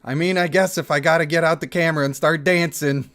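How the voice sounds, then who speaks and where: A man's voice: fairly high pitch, steady tone, fast, fairly bright tone. A man in his thirties chatting casually on a livestream, reading out chat messages and laughing often. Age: 30s.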